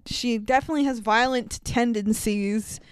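A fairly high-voiced woman chats about a movie on a podcast, laughing often and swearing casually. Her voice is smooth and clear, recorded close and dry with no room sound. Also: moderate pace, no room sound. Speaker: podcast co-host. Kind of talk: casual movie recap chat.

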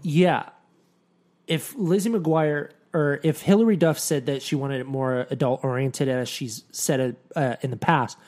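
A man's voice: a little high, a little slow, a little mellow. A man co-hosting a podcast in a casual, jokey, chatty way, full of asides. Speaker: podcast co-host.

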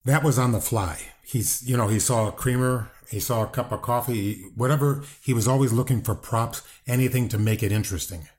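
A man's voice: mid-range voice, a little fast, few pauses, darkish tone. An older man speaking bluntly and defensively as an interview guest, with rambling restarts and swearing. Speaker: wrestling guest, brother of the subject. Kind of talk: casual interview talk.

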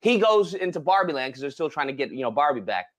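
A man with a high, very lively voice retells a film plot in a relaxed podcast chat. His pitch swings widely as he acts out the characters and sighs dramatically over them. He keeps checking in with his listener as he goes. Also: fast. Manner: animated storytelling with dramatic exclamations. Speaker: podcast co-host. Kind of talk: casual chat.

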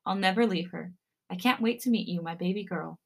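A woman reading a romantic fan story aloud in the first person, in a gentle, soft, intimate way. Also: fairly low pitch, a little fast, vocal fry. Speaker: podcast story reader.

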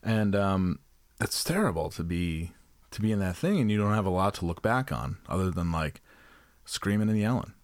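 Low-voiced man riffing in casual chat. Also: lively intonation, normal speed, dry recording. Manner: profane, rambling, jokey storytelling. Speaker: podcast co-host.

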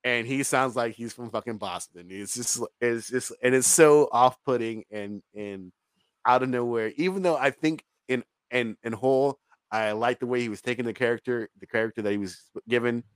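A man's voice: mid-range voice, moderate pace, clear, resonant tone, no room sound. A man co-hosting a podcast, reviewing a movie in casual, rambling, profane chat and laughing often. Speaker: podcast co-host reviewing a film.

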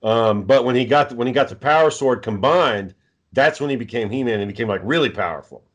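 A man's voice: medium pitch, animated, brisk. A man chatting casually with friends, rambling and swearing freely, with lots of ums and restarts. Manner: rambling, profane, many fillers. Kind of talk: casual chat.

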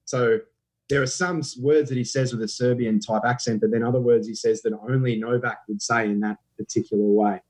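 A man's voice: mid-range voice, fairly even intonation, fairly quick, a little mellow, breathy edge, rough recording. Chatty Australian man telling stories. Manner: chatty, storytelling, laughs easily. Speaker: guest, impressionist. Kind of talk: casual podcast chat.

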